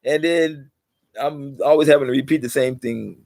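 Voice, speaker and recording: A man's voice: mid-range voice, fairly even intonation, normal speed, creaky, a little mellow, dry recording. A middle-aged man hosting his own channel, talking to viewers in a rambling, preachy monologue that repeats its points and livens up to drive them home. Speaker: channel host.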